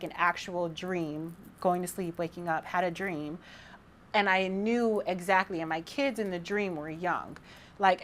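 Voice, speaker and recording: A woman in her thirties talking casually to camera as a vlogger, excited and rambling, with frequent restarts. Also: on the low side, slight background noise.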